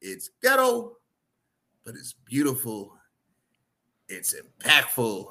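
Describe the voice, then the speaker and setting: A man hosting a casual podcast chat, animated and laughing often, acting out movie lines. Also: mid-range voice, takes it slowly. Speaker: podcast host.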